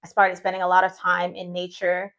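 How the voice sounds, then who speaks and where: A woman's voice: fairly low pitch, completely flat delivery, brisk, a bit bright, dull audio. A woman in her thirties, a vlogger and retreat host, telling her own story in a chatty, heartfelt way and sometimes voicing her own past thoughts. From United States. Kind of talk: casual personal storytelling vlog.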